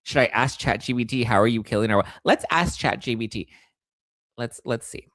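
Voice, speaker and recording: A man's voice: brisk, dry recording. Sarcastic chatty male host, dry sound. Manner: sarcastic, animated, jumps into high squeals. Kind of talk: casual commentary.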